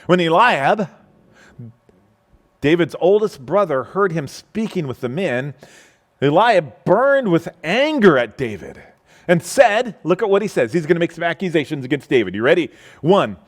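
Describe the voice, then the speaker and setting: A male pastor preaching a sermon, retelling a Bible story with animated storytelling and by acting out its characters. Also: fairly high pitch, a little slow.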